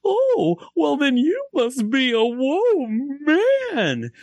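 A man voicing a teasing circus clown in a high, slow, drawn-out squeak while telling a joke. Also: huge pitch swings, a little mellow, no echo, exaggerated voice. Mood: taunting.

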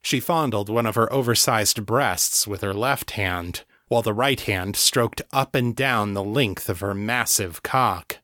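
A man reading a story aloud in a steady, measured scripted narration. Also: on the low side, no echo, studio quality. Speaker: audiobook narrator.

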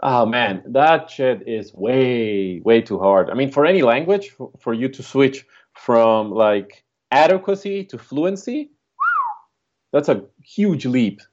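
A man's voice: medium pitch, expressive, takes it slowly, darkish tone, highs cut off. A man with a Spanish accent, a startup co-founder, chatting easily as a guest in a casual podcast interview.

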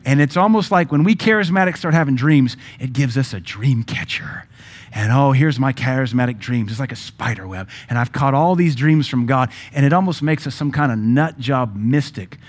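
A man preaching a sermon as pastor, emphatic and joking, with sudden louder bursts. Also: medium pitch, animated, normal speed.

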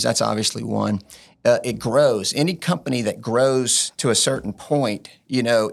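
A man's voice: mid-range voice, creaky. A man in a casual interview as a guest business implementer, telling earnest, rambling stories.

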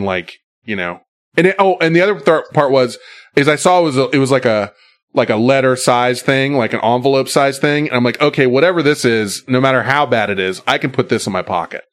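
A man hosting a podcast, telling a story in a loose, rambling way with plenty of fillers and the odd curse word. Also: mid-range voice. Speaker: podcast host. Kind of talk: casual chat.

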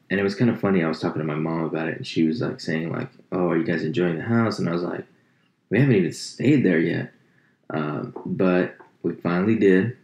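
Low gravelly dude ranting and swearing, kinda roomy echo on it. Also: male voice, darkish tone. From United States. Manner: rambling, profane, self-mocking. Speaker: podcast host. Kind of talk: casual chat. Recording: echoey room.

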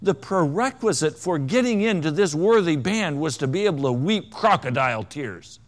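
A male preacher delivers a sermon in a somewhat high voice that leaps and dips with great animation. He drops to near-whispers, then surges loud, and carries a wry, self-mocking humor. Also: animated, normal speed. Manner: dramatic swings between hushed and loud. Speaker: pastor.

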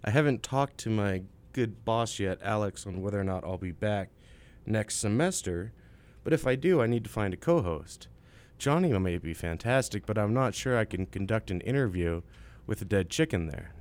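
Joking young radio host, lowish voice. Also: male voice, expressive, moderate pace, darkish tone. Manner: jokey, laughs often. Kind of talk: casual college radio chat. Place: radio studio.

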